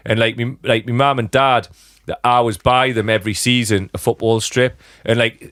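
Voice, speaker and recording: A man with a Geordie accent, chatting as a podcast host, sweary and animated. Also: mid-range voice, moderate pace, no room sound, studio quality. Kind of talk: casual chat.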